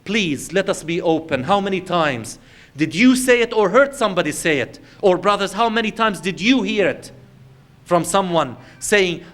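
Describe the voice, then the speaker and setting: Male Islamic lecturer with a high voice. Conversational storyteller who addresses the audience directly. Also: lively intonation, normal speed, a bit bright. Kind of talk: lecture to a congregation.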